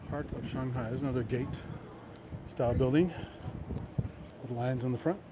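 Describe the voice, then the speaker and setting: A man's voice: mid-range voice, fairly even intonation, moderate pace. Man narrating a city walk over traffic. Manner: rambling, anecdotal, many fillers. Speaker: vlogger. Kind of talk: casual walking narration. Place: city street outdoors. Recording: street noise behind voice. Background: traffic and city ambience.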